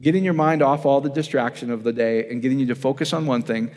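A man's voice: medium pitch, fast talker, darkish tone. A man preaching in a casual, conversational way, often asking his audience whether they follow him. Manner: casual, asks the audience questions, addresses them as guys. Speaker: pastor. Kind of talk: conversational sermon. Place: church hall. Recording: reverberant hall.

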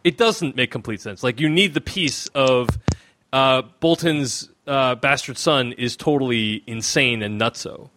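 A man's voice: mid-range voice, a little slow, noisy background. A man hosting a podcast in casual chat, rambling and restarting his sentences with lots of fillers. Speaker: podcast host.

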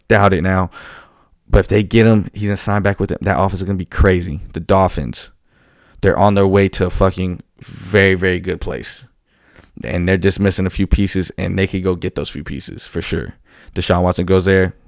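A man rambles through a casual monologue as a football fan commentator, animated and profane, frequently restarting his sentences. His voice sits low and he talks a little fast, recorded in studio quality with no echo.

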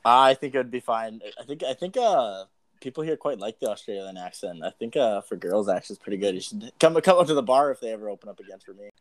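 A man's voice: fairly low pitch, expressive, fast, no room sound. A man co-hosting a casual chat, joking and teasing with a ready laugh. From Canada. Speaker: co-host.

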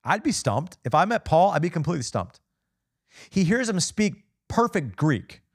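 Male pastor, casual expressive sermon, lots of rhetorical questions, dry close sound. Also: fairly high pitch, normal speed, husky, no room sound. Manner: asks the congregation rhetorical questions. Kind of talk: conversational sermon.

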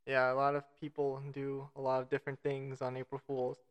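A man's voice: mid-range voice, monotone, fairly quick, clear, resonant tone. A man co-hosting a casual podcast, reading out facts with self-mocking jokes and stumbling over foreign names. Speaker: podcast co-host.

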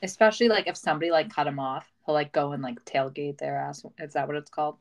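A woman's voice: sits low, fairly even intonation, fast, gravelly, rough recording. A young woman co-hosting a casual chat, laughing often and acting out stories with dramatic voices. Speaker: podcast co-host.

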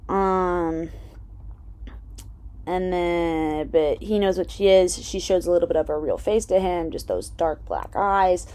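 A woman's voice: on the low side, slow, mellow. A woman casually recapping a TV episode, chatty with lots of "um" and "like" and some swearing. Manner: chatty, full of "um" and "like", swears freely. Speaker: TV episode reviewer.

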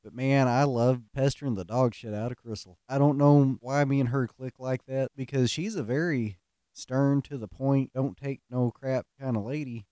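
A man's voice: medium pitch, fairly even intonation, normal speed, dark tone, clean tone, no room sound, clean studio sound. A middle-aged man, telling stories in a folksy, self-mocking way and laughing at his own pranks. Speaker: podcast host. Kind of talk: casual storytelling monologue.

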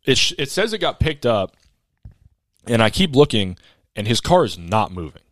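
A man's voice: medium pitch, big pitch swings, moderate pace, dry recording. A young man and podcast co-host telling a story in casual chat, laid-back, profane and rambling.

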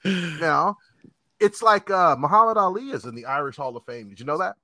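A man co-hosting a podcast in casual chat, animated and swearing, often acting out what people said. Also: a little high, fairly quick, no room sound. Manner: animated, swearing, acts out quotes. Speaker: podcast co-host.

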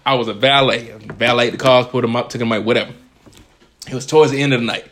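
A man's voice: medium pitch, fairly even intonation, fast talker, a bit bright, a little hiss or hum. A young man co-hosting a podcast, telling stories in casual chat, laughing often and swearing freely. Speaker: podcast co-host.

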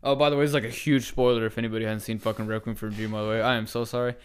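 A man's voice: on the low side, level tone, racing, clean tone. A man co-hosting a podcast in casual chat, rambling with lots of fillers and swearing. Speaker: podcast co-host.

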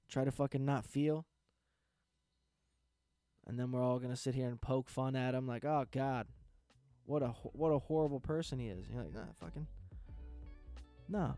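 A man's voice: mid-range voice, warm tone, clean tone, no room sound, clean studio sound. A man hosting a podcast, ranting casually about news headlines in a profane, sarcastic, rambling way. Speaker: podcast host.

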